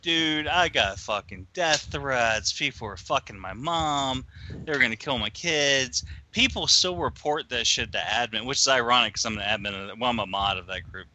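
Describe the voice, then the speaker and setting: A man's voice: mid-range voice, moderate pace, pushed and bright, slight background noise, low-quality recording. A man co-hosting a podcast, telling stories in a profane, laughing, casual way. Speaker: podcast co-host.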